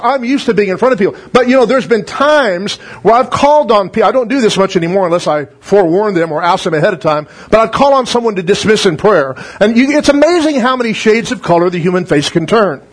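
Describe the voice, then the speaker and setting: Middle-aged male pastor with a high voice, folksy sermon delivery, jokey asides. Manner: folksy, joking, asks "right?" often. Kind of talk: conversational sermon.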